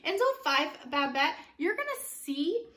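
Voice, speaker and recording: Bright, upbeat woman teaching a class. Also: high voice, very animated, a little slow. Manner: upbeat, instructive, frequent "okay?" check-ins. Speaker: youth theater teacher. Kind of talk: online class giving stage directions.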